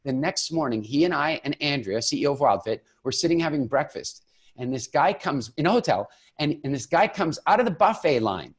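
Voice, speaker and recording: A man's voice: fairly high pitch, big pitch swings, fairly quick, slightly rough. Enthusiastic man giving a persuasive talk. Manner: enthusiastic storyteller, acting out quoted exchanges. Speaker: program founder giving a masterclass.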